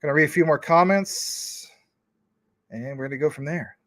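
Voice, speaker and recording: A man's voice: on the high side, moderate pace, a bit bright, no echo. A man hosting a casual livestream, reading viewer comments in a rambling, informal way with many fillers. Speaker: crypto livestream host.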